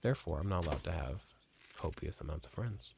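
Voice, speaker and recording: Gravelly, animated man rambling over gameplay. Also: low-pitched, fairly quick, background noise. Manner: rambling, profane, self-mocking banter with swings from mutter to exclaim. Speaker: let's play streamer. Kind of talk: casual gameplay commentary.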